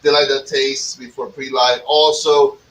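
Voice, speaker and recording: A man from Cuba hosting a casual cigar podcast, talking in a profane, animated way and acting out other people's lines as he tells stories. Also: mid-range voice, a little slow, reverberant, recorded from a distance, a little hiss or hum, rough recording. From Cuban. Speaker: podcast host.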